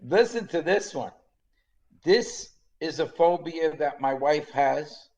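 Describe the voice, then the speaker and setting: Lively older man telling stories. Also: fairly high pitch, takes it slowly. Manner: lively storyteller, laughs often. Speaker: podcast co-host. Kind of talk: casual chat.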